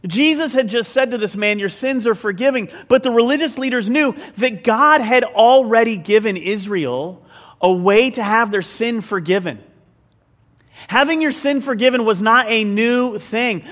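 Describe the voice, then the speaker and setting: A man with a notably high voice preaches a sermon, animated and conversational, slipping in joking asides between scripture. His voice rings out with a long reverb, as if filling a large hall. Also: normal speed. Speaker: pastor.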